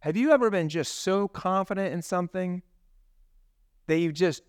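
A man's voice: high voice, normal speed, clear, resonant tone, dry recording, clean studio sound. A man preaching a sermon as a pastor in a conversational way, tossing in tag questions and casual asides.

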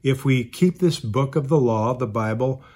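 A male pastor delivers a sermon in an earnest, measured voice of middle pitch. He reads scripture passages aloud and talks through them with occasional ums and restarts. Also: mellow, husky. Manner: earnest, measured preaching with scripture readings and fillers.

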